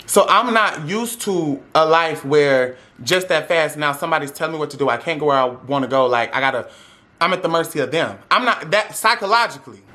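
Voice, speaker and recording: A man's voice: on the high side, expressive, brisk, bright, forceful tone. A young man speaking tells a dramatic, sassy story to his audience, acting out every voice in it. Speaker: vlogger telling a story. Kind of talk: animated storytime.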